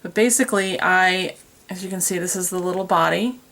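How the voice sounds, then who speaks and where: Woman, craft tutorial host, low-pitched, gravelly, chatty, self-deprecating, camera on a tripod. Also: brisk, fairly bright tone. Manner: chatty, self-deprecating, talks while working with her hands. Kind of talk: casual how-to demonstration.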